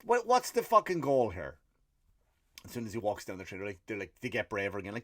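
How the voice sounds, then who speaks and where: An Irish man hosting a comedy podcast, telling a story in a profane, animated ranting monologue with acted-out quotes. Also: medium pitch, fast, no room sound, studio quality. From Ireland.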